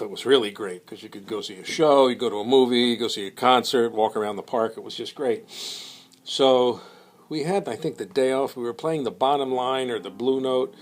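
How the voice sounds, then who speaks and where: A man casually telling a long anecdote, rambling with many fillers and slipping into quoted voices. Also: mid-range voice. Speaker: storyteller.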